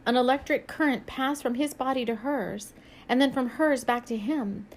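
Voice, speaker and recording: Soft-spoken woman reading her novel aloud. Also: high-pitched, normal speed. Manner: soft, musing, laughs and hesitates often. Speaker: author and spiritual reader.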